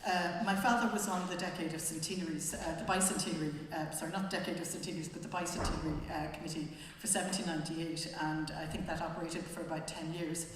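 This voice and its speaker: A woman with a Wexford Irish accent speaks at a fairly low pitch, chatty and wry, pausing often on little hesitations. Her voice rings through a very echoey hall with a long tail. A faint hiss sits underneath. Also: fairly even intonation. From Wexford, Ireland. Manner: conversational and wry, with frequent hesitations. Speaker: panel speaker presenting a book. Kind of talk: public talk. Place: library event hall.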